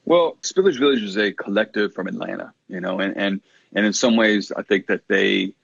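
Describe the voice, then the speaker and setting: A low, husky-voiced man co-hosting a radio music show, thinking aloud with lots of restarts. The sound is dry and a little dull, like a close studio mic with the top end rolled off. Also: normal speed, no echo. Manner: thoughtful, rambling with many restarts and frequent laughs. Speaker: radio co-host. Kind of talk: casual music talk.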